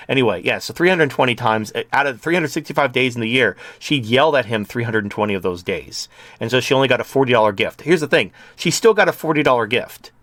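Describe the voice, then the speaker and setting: A man's voice: medium pitch, fairly bright tone, dry recording. A man hosting an online commentary show, ranting in a profane, heated way.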